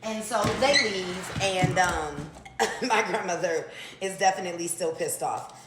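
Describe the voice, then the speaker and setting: A woman's voice: fairly low pitch, measured pace, very noisy. Chatty woman storytelling in an echoey room. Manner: animated, swears freely, talks straight to viewers. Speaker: vlogger telling a story. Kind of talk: casual storytime.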